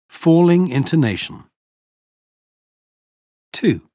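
A man reading example sentences for a pronunciation lesson, slow and clearly articulated. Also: medium pitch, big pitch swings, no room sound, studio quality. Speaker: pronunciation teacher. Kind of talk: scripted language lesson.

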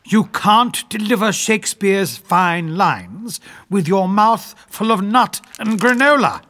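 Cast note: a high-voiced, slow-speaking, patient drama teacher. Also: male voice, exaggerated voice. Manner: calm, directing.

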